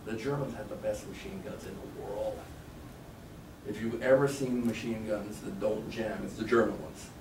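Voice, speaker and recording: At normal speed and a fairly low pitch, a man runs a sales negotiation seminar for a live class, animatedly telling stories and acting out phone calls. The training room sounds echoey, with the mic far away and faint noise.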